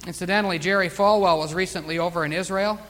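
Fervent male preacher, high-pitched voice, long hall reverb. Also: steady tone, quick pace, fairly bright tone, a little hiss or hum. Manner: fervent preaching, surging emphasis on key words. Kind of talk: sermon.

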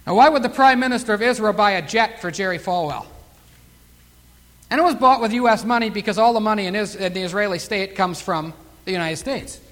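High-voiced fervent preacher man. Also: brisk, a bit bright, long reverb tail. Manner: fervent preaching, surging emphasis on key words. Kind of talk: sermon.

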